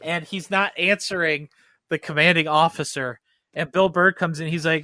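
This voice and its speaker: Bright-voiced man recapping a plot. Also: fairly high pitch, steady tone, normal speed, no room sound, studio quality. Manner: recaps plot in long run-on stretches. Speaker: podcast co-host. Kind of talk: casual chat.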